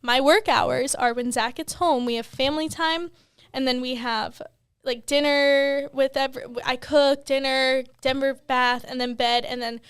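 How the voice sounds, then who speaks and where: A woman's voice: sits high, fairly even intonation, measured pace, fairly bright tone, smooth, no echo. A young woman and new mom co-hosting a podcast, rambling candidly with lots of "like" and casual swearing. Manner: rambling, heavy on "like", swears freely.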